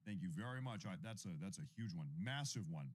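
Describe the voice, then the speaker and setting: A man's voice: on the low side, lively intonation, a little fast, slight background noise. A man in his thirties hosting a casual news livestream, rambling and often repeating himself as he reacts to clips and thanks viewers for super chats. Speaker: independent news livestream host.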